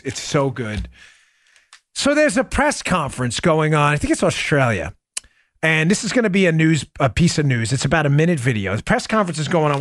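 Animated, high-pitched male podcast host. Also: dry recording. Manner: animated, emphatic, repeats key phrases, laughs often; addresses listeners as "folks". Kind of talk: political commentary podcast.

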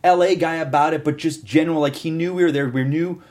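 A man's voice: fairly high pitch, steady tone, a little mellow. A man hosting a casual panel chat, telling stories and acting out what people said. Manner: quick, chatty storyteller who acts out quotes. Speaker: podcast host.

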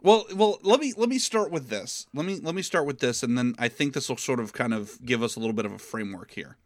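A man's voice: medium pitch, lively intonation, no echo, studio quality. Profane, sarcastic man recapping an episode. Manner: profane, sarcastic, acts out characters in quick quotes. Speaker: podcast co-host. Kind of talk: casual chat, recapping an episode.

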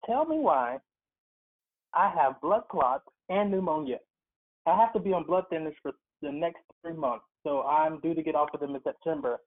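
A man calling in as a guest, telling his story in an earnest, emphatic way. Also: a little high. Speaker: guest, occupational therapist. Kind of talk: casual interview by phone. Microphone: phone call. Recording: tinny phone line.

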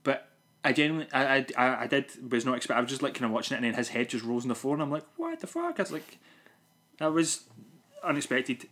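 A man co-hosting a podcast, chatting casually about a film in a rambling, animated way. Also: mid-range voice, fast talker. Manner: rambling, animated, lots of restarts. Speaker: podcast co-host. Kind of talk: casual film review chat.

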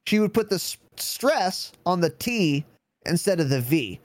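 A man's voice: sits high, sing-song, measured pace, no echo. A man in his twenties co-hosting a podcast in casual chat, blunt, profane and teasing. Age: 20s. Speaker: podcast co-host.

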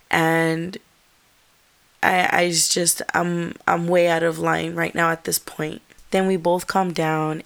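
A young woman recounts a personal story in an earnest, halting way. Her voice sits low and stays fairly flat in pitch. She stops and restarts often as she goes. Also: creaky.

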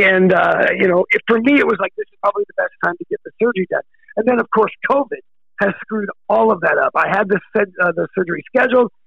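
A middle-aged American rock drummer being interviewed, excitable, laughing often and calling people dude. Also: male voice, high voice, gravelly, no room sound, phone-quality sound. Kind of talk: casual interview chat.

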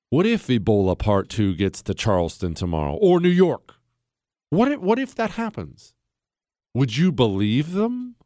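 A man hosting a political commentary show, animated and sarcastic, slipping into mocking voices. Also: mid-range voice, dry recording, clean studio sound. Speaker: host.

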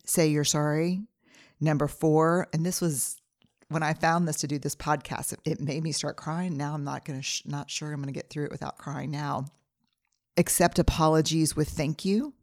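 This middle-aged woman has a deep, creaky, slightly mellow voice as she hosts a reflective solo podcast. She lists the steps of a numbered family plan earnestly and personally, weaving in anecdotes from home. Studio-quality audio, no room sound.

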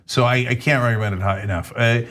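A middle-aged man hosting a podcast, chatting casually and telling animated food stories, laughing often and acting out other people's lines. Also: mid-range voice, fast talker. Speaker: podcast host. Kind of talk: casual chat.

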